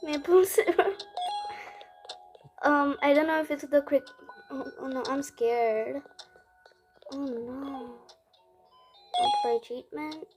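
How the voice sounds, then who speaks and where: A young woman talking through a horror game as she plays, jumpy and panicky and quick to squeal at the scares. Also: high-pitched, steady tone, over loud music. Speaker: gamer playing a horror game. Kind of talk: live gameplay commentary. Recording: noisy home recording.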